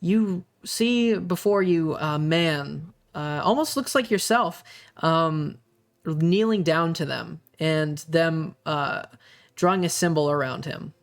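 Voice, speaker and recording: A game master narrating a tabletop role-playing game, unhurried and full of ums and uhs. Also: mid-range voice.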